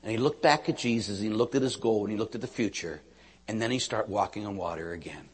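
A Catholic priest giving a sermon, telling stories with lively emphasis and sudden hushed moments. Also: male voice, lowish voice, quick pace, breathy edge. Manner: animated storytelling, swinging from loud emphasis to hushed. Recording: reverberant hall.

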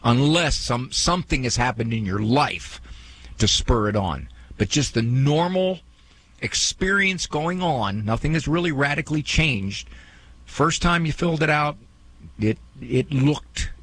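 A man hosting a call-in advice show, with a husky, slightly breathy voice. His pitch swings widely as he talks. He speaks in a fatherly, direct way and keeps acting out lines of dialogue. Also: a little slow. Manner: fatherly, animated, acts out what people say. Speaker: radio advice host.

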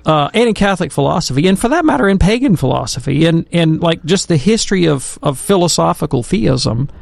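A man's voice: fairly high pitch, lively intonation, brisk, vocal fry, darkish tone, no room sound. A man answering questions as a theologian on a talk program, chatty and digressive, grew up in Alabama. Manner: chatty, digressive, playful storytelling. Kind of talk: casual radio talk.

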